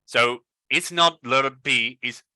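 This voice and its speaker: Man, Spanish native, English pronunciation coach, very bright voice, slow careful repetitions, dry close sound, video call. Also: medium pitch, clear, resonant tone, no room sound. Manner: slow, repeats words over and over to model sounds. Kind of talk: online pronunciation lesson.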